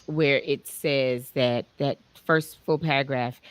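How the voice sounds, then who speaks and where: Woman, author guest, candid testimony, halting with fillers, low pitch, dry recording. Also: clean tone, no echo. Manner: halting, many fillers and restarts, animated when retelling. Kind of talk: candid personal testimony, reading from her own book.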